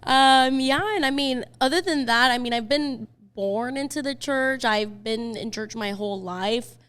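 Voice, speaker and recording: A woman in her twenties chats casually as a podcast guest. She tells her stories quickly, with many fillers, in a slightly high voice. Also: fairly bright tone, clean tone. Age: 20s. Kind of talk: casual chat.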